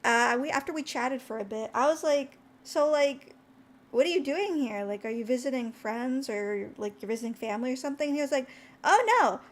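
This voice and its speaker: With slight background noise behind her, a young high-voiced VTuber talks fairly quickly through a wandering story, though she sounds tired. Chatty and lively, she jumps up in pitch to act out what others said.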